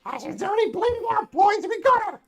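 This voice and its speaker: Man doing a high, shouty, cackling goblin; small and mean; game-table voice; music faint behind. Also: big pitch swings, fairly quick, gravelly, heavily acted. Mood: gleeful taunting. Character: gleeful, taunting goblin archers, small, mean.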